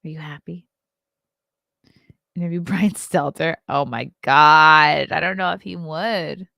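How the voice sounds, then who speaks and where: A woman in her thirties chats casually as host of her own livestream, reading bits aloud and reacting as she goes. Her voice has a gravelly fry in it. The sound is dry and close, with no room around it. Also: fairly low pitch, steady tone, a little slow, dry recording. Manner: chatty, reads aloud and reacts, yawning. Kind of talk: casual solo livestream chat.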